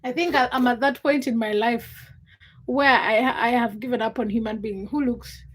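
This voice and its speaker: A young woman hosts a relaxed livestream, rambling chattily to her viewers and laughing along the way. Her voice sits high and light. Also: normal speed, breathy edge, rough recording. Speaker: livestream host. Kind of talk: casual livestream chat with viewers. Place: Uganda.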